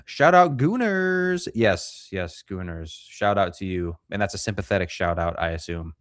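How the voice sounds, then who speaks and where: A man co-hosting a casual livestream review, talking at a middle pitch into a close, dry mic. He is animated and swears freely, and his pitch jumps sharply whenever he acts out a scene in a mocking voice. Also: normal speed, no echo. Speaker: podcast co-host.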